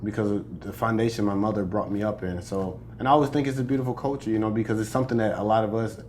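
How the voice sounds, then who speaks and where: A young American comedian chats casually in an interview, his voice fairly low, steady, and darkish, moving at a quick pace over slight background noise. He's boastful and joking, laughing often.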